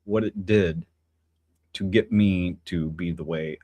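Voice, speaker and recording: Low, steady, and slow, this man's voice comes across mellow with a slight roughness, captured in a dry recording. Hosting a laid-back solo livestream, he muses philosophically and meanders, stumbling over fillers and restarts while chatting to his audience.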